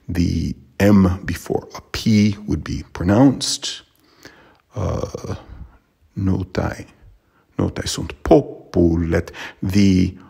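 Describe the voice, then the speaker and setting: A man teaching Latin pronunciation, slow and careful, pausing often with fillers. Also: low voice, vocal fry, warm tone, husky.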